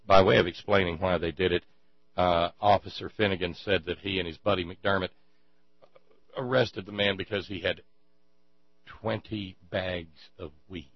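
A man giving an indignant, sarcastic monologue, halting often with fillers as he builds his points. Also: low voice, no room sound. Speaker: commentator. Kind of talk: ranting monologue. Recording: dry, dull lo-fi with mains hum.

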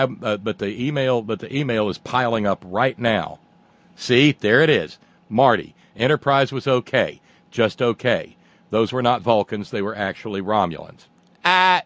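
A man hosts a casual radio talk show in a wry, digressive voice. He rambles through listener emails at an everyday pitch. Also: fairly bright tone.

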